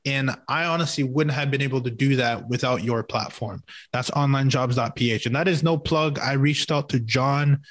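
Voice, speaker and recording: A man hosting a podcast interview, enthusiastic and quick to laugh, thanking his guest. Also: mid-range voice, fairly bright tone, no room sound. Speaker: podcast host. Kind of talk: casual interview chat.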